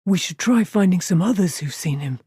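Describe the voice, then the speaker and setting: A cautious young apprentice, slow-spoken and doubtful, in a fairly low, dry voice. A woman reads him in an audiobook, near her own voice. He weighs each word before speaking. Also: animated, warm tone, husky, no room sound.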